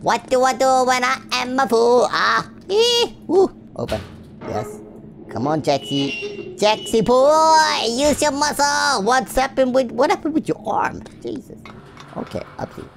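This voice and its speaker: A woman's voice: high voice, sing-song, measured pace, vocal fry, noisy background. A woman from Sweden hosting a gaming channel, giving playful Let's Play commentary full of silly rhymes and sing-song wordplay.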